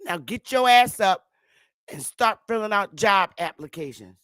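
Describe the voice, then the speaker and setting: Woman vlogger, unhurried, loud and profane, laughing a lot, dry close sound. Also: medium pitch, animated, no room sound. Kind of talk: profane comic rant to viewers. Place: at home, sitting in a chair.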